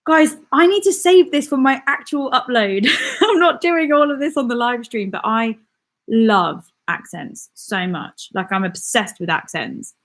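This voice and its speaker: A woman's voice: a little high, expressive, measured pace, a bit bright. A young British woman hosting a live stream, chatting casually and giggling as she reads out viewer comments. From Britain. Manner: chatty and giggly, with frequent ums and laughs.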